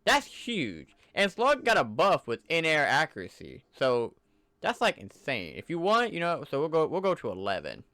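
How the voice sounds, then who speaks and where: A man's voice: on the high side, wildly swooping pitch, moderate pace, sharp tone, no echo. A man giving casual, enthusiastic commentary over gameplay footage in a loose, conversational way. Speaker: gaming channel creator.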